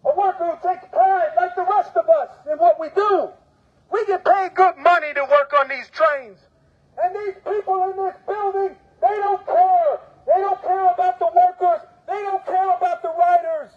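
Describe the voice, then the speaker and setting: Union steward, male, very high voice, preachy fiery rant with shouting, lo-fi phone-like sound. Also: fairly even intonation, moderate pace. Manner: fiery and preaching, repeats phrases, often shouts. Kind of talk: impassioned protest speech. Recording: tinny phone-like audio.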